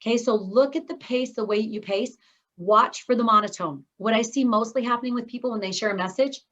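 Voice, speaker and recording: A woman speaking coach teaches an online course over a video call. She talks fast and then stops short to lean on key words. Her mid-range voice comes through slightly dull, lo-fi call audio. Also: on the high side, fairly bright tone. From Scotland. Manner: fast-talking, with sudden pauses and stressed words.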